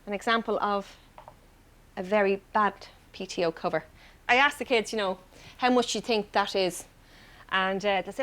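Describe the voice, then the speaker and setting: Irish woman, farm safety educator, lively and quizzing children, higher voice. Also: moderate pace. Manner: lively, talks to children with questions. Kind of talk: documentary interview and classroom talk.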